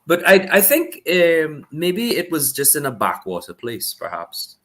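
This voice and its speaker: A man's voice: a little high, wildly swooping pitch, measured pace, a bit bright. A man, a podcast co-host, telling a rambling personal story in casual chat.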